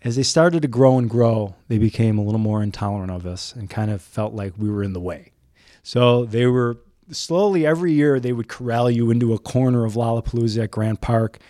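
This man, a news photojournalist from Chicago, USA, appears as a guest in a casual chat and tells stories with animated, lively energy. His medium-pitched voice moves a little fast, captured in a dry, studio-quality recording.

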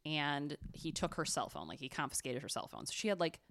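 A young woman with a low, deep voice chats casually as a podcast co-host. She rambles through a story with plenty of fillers and little giggles. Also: very animated, brisk, creaky, fairly bright tone.

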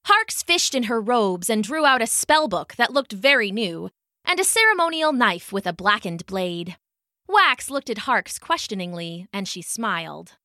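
A woman narrating a fantasy storybook in an expressive, lively way. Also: medium pitch, measured pace, no echo, clean studio sound.

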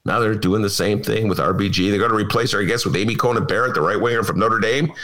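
A man's voice: fairly low pitch, quick pace, a bit bright. A middle-aged man hosting a political talk show, opinionated and sarcastic, slipping into mocking impressions. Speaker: podcast host.

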